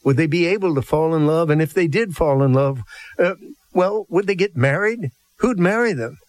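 A man's voice: a little high, expressive, moderate pace, no room sound. A man hosting a TV show, introducing a sketch in a rambling, hesitant way with many fillers. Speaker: TV host.

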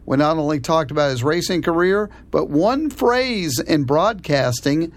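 Higher-voiced man hosting a radio show. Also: animated, a little slow. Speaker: sports radio show host. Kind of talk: scripted radio narration.

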